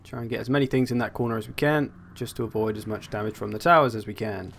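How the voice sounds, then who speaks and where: A man's voice: fairly low pitch, fast talker, gravelly, fairly bright tone, a little hiss or hum. A young man giving casual, wry commentary as he plays a strategy game, thinking aloud as he goes. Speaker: gaming channel host.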